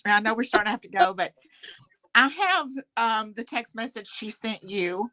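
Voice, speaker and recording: A woman's voice: fairly high pitch, expressive, normal speed, sharp tone, rough recording. A woman in casual gossip chat, talking freely and often laughing. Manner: chatty, laughs often, quotes others in put-on voices.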